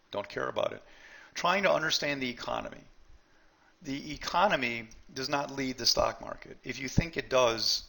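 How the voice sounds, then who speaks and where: A man's voice: mid-range voice, creaky, pushed and bright. A man teaching a live trading seminar, blunt and emphatic, often repeating himself and talking straight to the group.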